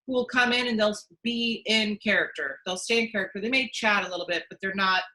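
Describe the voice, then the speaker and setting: A woman's voice: mid-range voice, fairly quick, bright, forceful tone, rough recording. A woman working as a casting director, answering interview questions in a chatty way with many restarts and fillers. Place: at home.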